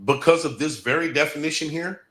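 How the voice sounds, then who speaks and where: Bright, emphatic man addressing viewers. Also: on the high side, a little fast. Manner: emphatic, repeats key points to the audience. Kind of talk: casual live-stream talk.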